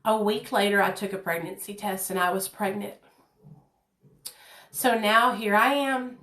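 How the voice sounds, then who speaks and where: A woman's voice: mid-range voice, steady tone, measured pace, fairly bright tone, echoey room. A woman in her thirties telling her own life story to viewers in a candid, earnest way, talking from her kitchen at home. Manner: candid, earnest, addresses viewers as "you guys". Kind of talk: personal storytime.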